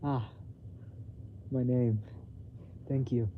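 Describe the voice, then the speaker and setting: A man reading aloud, voicing a gentle, sincere male artificial intelligence who speaks in an earnest, formal and literal way, in a dull home recording. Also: mid-range voice, steady tone, drawn-out words, slight background noise.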